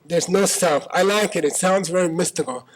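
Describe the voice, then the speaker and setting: High-voiced man teaching a live talk. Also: normal speed, poor audio. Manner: conversational, checks in with the audience with frequent "okay?"; argues by voicing debating partners in questions. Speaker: Buddhist teacher. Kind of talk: live dharma talk to an audience. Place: small auditorium at a live talk.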